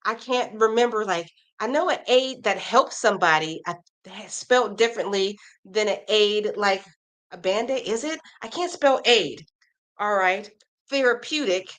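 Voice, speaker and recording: A woman's voice: mid-range voice, a bit bright. A woman hosting a casual crochet live stream, chatting with viewers, reading their comments aloud and reacting, and running through pattern blurbs in an upbeat tone.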